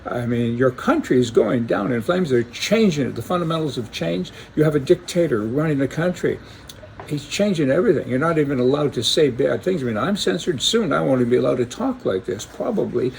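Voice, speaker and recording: A man's voice: a little high, animated, brisk, gravelly, a little mellow, a little hiss or hum. A man from Canada delivering an opinionated political monologue, punchy and sarcastic with folksy wordplay. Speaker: political commentator.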